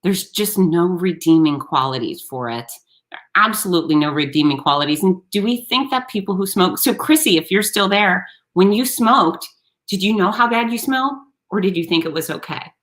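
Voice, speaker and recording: A woman hosting a live-streamed talk show, chatting with viewers in an animated, sarcastic way. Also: lowish voice, moderate pace. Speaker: host.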